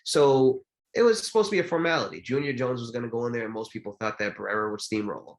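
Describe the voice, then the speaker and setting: A man co-hosting a podcast, telling boxing stories in a casual, animated way with lots of fillers. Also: mid-range voice, fast talker, low-quality recording. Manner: animated storytelling with many fillers. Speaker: podcast co-host. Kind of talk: casual chat about boxing history.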